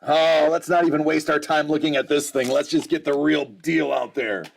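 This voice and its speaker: A man hosting a collectibles live stream in casual chat, exclamatory and quick to laugh. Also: on the high side, creaky. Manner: animated and exclamatory, laughs often.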